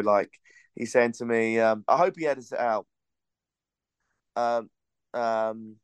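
A man's voice: medium pitch, smooth, dry recording. Man rambling through a story. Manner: rambling anecdotal storytelling with swearing. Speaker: podcast host. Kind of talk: casual podcast chat.

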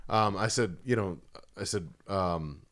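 A man's voice: low-pitched, measured pace, a bit bright. A man with an East Coast accent telling a heated story on a podcast, swearing freely. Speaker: podcast co-host. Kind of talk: casual podcast chat.

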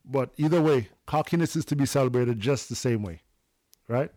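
A man guesting on a podcast, relaxed and boastful as he tells stories. His voice sits at a medium pitch. The sound is dry and close. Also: normal speed, no room sound. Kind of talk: casual banter.

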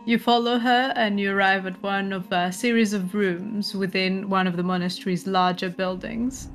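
A woman's voice: medium pitch, steady tone, moderate pace, hardly any pauses, soft background music. A woman narrating a tabletop horror game as game master, describing scenes and often laughing.

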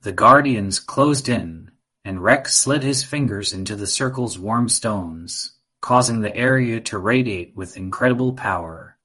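A man narrating a children's adventure story in an even, measured reading. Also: lowish voice, breathy edge.

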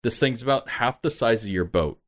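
A man narrating a tabletop game as game master, relaxed, jokey and freely swearing. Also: medium pitch, a little fast.

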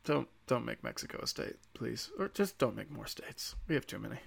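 A man's voice: medium pitch, very animated, a little fast, creaky, slightly rough. A man hosting a casual comedic monologue, rambling, sarcastic and heavy on profanity.

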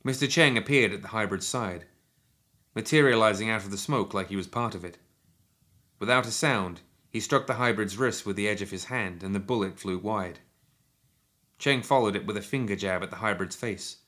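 Bright-toned male audiobook narrator. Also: lowish voice. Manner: steady, measured storytelling.

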